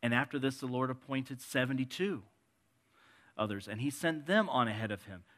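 A man preaching a sermon in a conversational way, moving between soft and emphatic delivery and reading scripture passages aloud. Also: mid-range voice, moderate pace.

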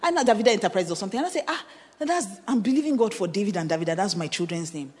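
A woman pastor with a Nigerian accent, preaching a sermon full of personal testimony, telling her story animatedly with laughter, bits of pidgin and bursts of shouting. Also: medium pitch, expressive, racing. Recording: reverberant conference hall.

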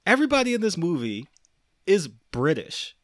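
Animated man in casual podcast chat. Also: moderate pace, dry recording, clean studio sound. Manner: animated, laughing, rising pitch when worked up. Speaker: podcast host.

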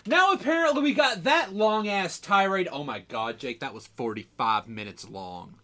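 A man's voice: high-pitched, lively intonation, moderate pace, pushed and bright. A man co-hosting a podcast in casual chat, rambling and self-mocking as he goes. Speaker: podcast co-host.

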